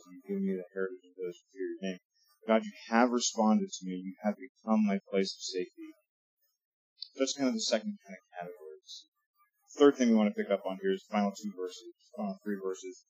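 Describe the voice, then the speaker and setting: A man's voice: fairly low pitch, steady tone, brisk, darkish tone, slightly rough, dull audio, faint music behind. A man preaching a sermon in a conversational way that rises to emphatic readings of scripture. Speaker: pastor.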